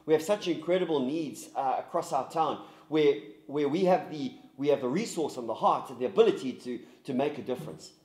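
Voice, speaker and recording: Earnest pastor, echoey room. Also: male voice, mid-range voice, animated, darkish tone. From South Africa. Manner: earnest, halting with many restarts. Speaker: pastor leading a discussion. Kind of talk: recorded group discussion guide.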